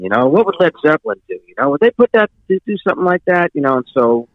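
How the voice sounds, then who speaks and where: A man's voice: on the high side, sing-song, fast talker, hardly any pauses, no room sound, phone-quality sound. A man guesting on a radio show, rambling with many restarts. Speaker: bassist guest. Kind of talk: casual interview chat.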